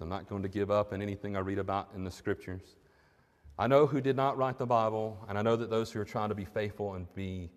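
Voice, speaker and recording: A man's voice: on the low side, darkish tone. A man preaching a sermon to a congregation, emphatic and rising to stressed peaks on key phrases. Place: church hall. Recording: reverberant hall.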